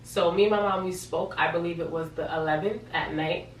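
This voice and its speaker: A woman's voice: on the low side, steady tone, fairly quick. A young woman from New York tells a personal story in a casual vlog. She is emotional and repeats words for emphasis. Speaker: vlogger. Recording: echoey room, from a distance, faint hum.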